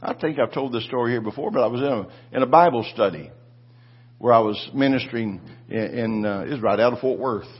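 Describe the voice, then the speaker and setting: A man's voice: medium pitch, fairly quick, slightly rough, dull audio. A man preaching a sermon, telling a personal story with fervent, repetitive delivery and calls for the congregation to respond. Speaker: pastor.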